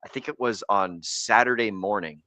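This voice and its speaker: A man's voice: on the low side, moderate pace, sharp tone, no room sound. A young adult American man hosting a casual livestream show, rambling, joking and swearing freely. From United States. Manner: rambling, profane and jokey. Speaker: podcast host.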